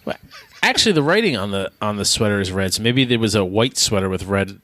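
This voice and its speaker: A man's voice: on the low side, expressive, fast, a bit bright. A man co-hosting a podcast, rambling and laughing as he talks. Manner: rambling, laughing mid-sentence. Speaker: podcast co-host. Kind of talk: casual chat.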